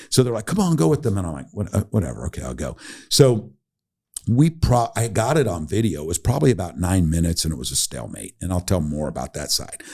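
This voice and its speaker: A middle-aged man telling a story as a podcast guest, animated and laughing, acting out the people he quotes. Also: lowish voice, gravelly. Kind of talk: casual storytelling.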